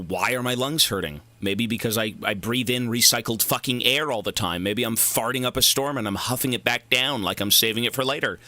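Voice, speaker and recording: A man's voice: on the low side, pushed and bright, dry recording. A young man streaming a game, chatting casually in long, profane, rambling tangents. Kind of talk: casual livestream chat.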